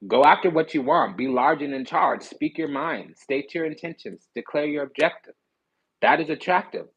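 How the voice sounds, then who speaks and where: A man's voice: a little high, moderate pace, creaky, a bit bright, breathy edge, low-quality recording. A man giving a casual tarot reading, talking bluntly in slang and with swearing, and often stopping to restart his sentences. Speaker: tarot reader.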